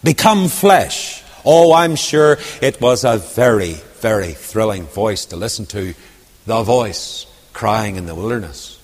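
A man with a lilt preaching a storytelling sermon, dropping to quiet asides and rising to loud, ringing declamation. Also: lowish voice, lively intonation, measured pace. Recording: long hall reverb.

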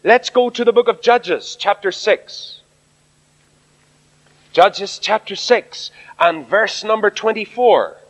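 A man preaching an earnest sermon at a Bible study, asking rhetorical questions. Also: high-pitched. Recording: echoey hall, dull lo-fi sound.

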